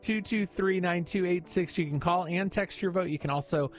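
A man's voice: sits high, moderate pace. A man co-hosting a morning radio show, goofy and giggly in casual banter.

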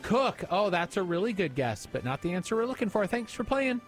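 A man hosting a morning radio call-in game, upbeat and brisk, with quick friendly sign-offs. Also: high voice, sing-song, faint music behind.

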